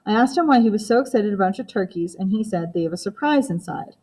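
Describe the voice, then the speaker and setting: A woman's voice: medium pitch, animated, fast talker, darkish tone, lightly acted, poor audio. A woman reading an audiobook voices a blunt, impatient teenage girl, the older sister in the story. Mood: hesitant.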